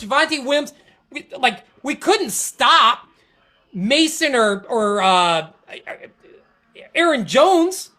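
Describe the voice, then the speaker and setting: A woman whose voice sits high, with a bright, forceful tone, hosts a podcast. She rants casually about her football team out of frustration, meandering and tripping over herself as she restarts.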